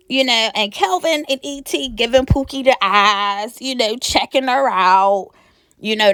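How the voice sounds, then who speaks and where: A woman's voice: on the high side, fairly bright tone, no echo, clean studio sound. A young woman from Pennsylvania recapping a reality show in a sassy, gossipy, casual way, laughing often.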